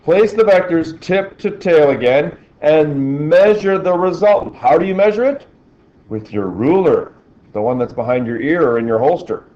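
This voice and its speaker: Guy teacher talking a class through problems, kinda high voice, muffled lo-fi sound. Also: expressive, moderate pace, dark tone. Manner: chatty, asks the class questions as he works. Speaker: physics teacher.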